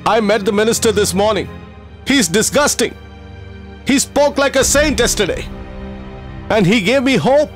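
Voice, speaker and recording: An actor dubbing a film, playing an emotional middle-aged teacher who cares for poor orphans, speaking in a heartfelt, pleading way. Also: male voice, high voice, expressive, normal speed, pauses often, soft background music. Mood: bitter. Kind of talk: dubbed film acting.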